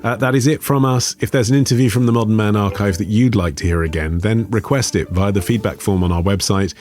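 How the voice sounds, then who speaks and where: A man's voice: on the low side, quick pace, darkish tone. A British man hosting a podcast, asking short questions and reading the outro. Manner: brief, reactive questions. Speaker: podcast host. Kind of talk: interview and show outro.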